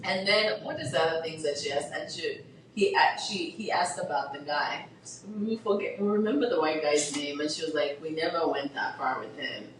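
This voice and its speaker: A woman's voice: low voice, normal speed, slight background noise. A woman in a casual book chat who retells scenes with animation, acts out the characters' lines and says "like" constantly. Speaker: podcast co-host. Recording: roomy, distant mic.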